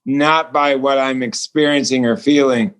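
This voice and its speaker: Joining by remote call, a male author and speaker earnestly narrates a personal story and acts out the quoted speech. His mid-range voice is fairly bright and clean, with fairly even intonation and a moderate pace.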